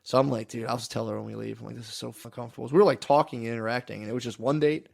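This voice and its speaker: A man co-hosting a podcast, telling rambling, fast anecdotes full of quoted asides in casual chat. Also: mid-range voice, fairly even intonation, vocal fry, a little mellow. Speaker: podcast co-host. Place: podcast studio.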